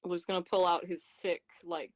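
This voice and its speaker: A woman's voice: lowish voice, little pitch movement, moderate pace. A woman playing a tabletop game in casual chat, wry and chatty. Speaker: player. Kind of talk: casual in-character play.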